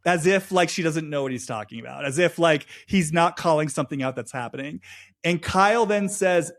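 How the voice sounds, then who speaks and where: A man co-hosting a podcast in a casual chat, talking fast and acting out quoted lines in changed voices. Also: a little high, lively intonation, fairly bright tone. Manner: swears freely, says "like" often. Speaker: podcast co-host.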